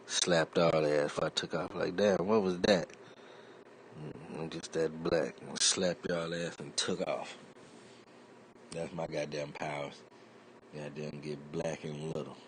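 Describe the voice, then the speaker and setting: A man hosting a livestream, telling stories in a profane, rambling way and acting out other people's voices loudly. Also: a bass voice, flat delivery, a little slow, slight background noise, rough recording. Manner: acts out quoted voices loudly. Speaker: livestream host. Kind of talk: casual livestream chat.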